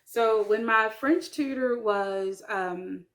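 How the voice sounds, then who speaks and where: Chatty woman learning French. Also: fairly high pitch. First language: English. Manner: chatty, self-deprecating, many ums and likes, slow careful French words. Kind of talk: casual talk to camera.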